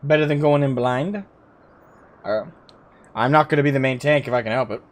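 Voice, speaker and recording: A man's voice: medium pitch, normal speed. A man streaming a game live, chatting casually with viewers and swearing freely. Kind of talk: casual live gameplay commentary. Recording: faint game music behind.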